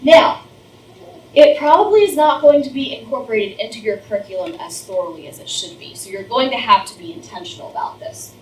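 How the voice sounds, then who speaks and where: Middle-aged teacher lady explaining phonics, kinda high voice, roomy echo, a bit far from the mic. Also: animated, fairly quick. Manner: explains with demonstrations, overemphasizes sounds. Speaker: first grade teacher. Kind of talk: teacher training lecture. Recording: roomy, distant, faint noise.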